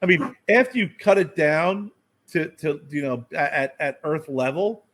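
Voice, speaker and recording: A man's voice: a little high, expressive, normal speed, a bit bright. Give me a man in casual chat, exasperated and griping about prices. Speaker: podcast co-host.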